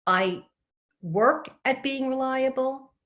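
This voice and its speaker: A woman's voice: sits high, slow, fairly bright tone. A middle-aged woman speaking from home on a video-call webinar as an organizing coach. She tells a chatty story and asks the audience questions. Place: home with fresh flowers behind her.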